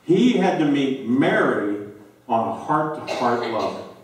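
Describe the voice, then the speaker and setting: A male pastor preaching a sermon, slow and emphatic with dramatic pauses, recorded in a church sanctuary. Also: mid-range voice, sing-song. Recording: very echoey church from a distance.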